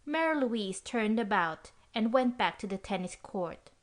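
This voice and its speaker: A woman's voice: medium pitch, lively intonation, unhurried. Woman reading a mystery audiobook. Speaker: audiobook narrator. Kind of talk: scripted narration.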